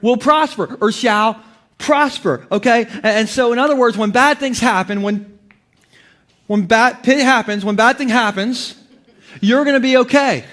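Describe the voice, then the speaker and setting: A man's voice: very high voice, normal speed, a bit bright. A male pastor preaching a sermon in a playful, joking, conversational way, with many restarts.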